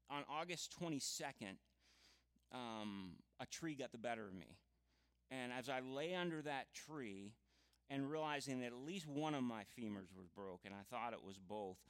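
Earnest man preaching a measured sermon. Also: medium pitch, clear, resonant tone. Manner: earnest, measured, with frequent "you know" asides.

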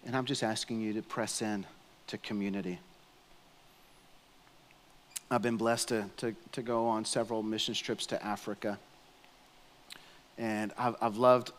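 A man, a pastor preaching a sermon, telling stories earnestly and pressing his appeals with fervour. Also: medium pitch. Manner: earnest storytelling, rising to fervent appeals. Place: church sanctuary. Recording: long hall reverb in a church.

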